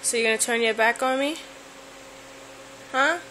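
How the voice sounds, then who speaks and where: A woman's voice: a little high, moderate pace, sharp tone, a little hiss or hum, rough recording. Playful woman teasing her dog. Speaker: pet owner vlogger. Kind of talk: casual home video talking to a pet. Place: home and outdoors by the house. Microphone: handheld camera.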